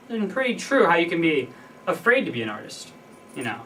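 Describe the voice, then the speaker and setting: A man's voice: on the high side, wildly swooping pitch, fast talker, a bit bright. A young man talking to camera in a casual, rambling personal monologue, full of fillers and restarts as he thinks aloud. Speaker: vlogger. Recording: voice a bit distant from the mic, faint background noise.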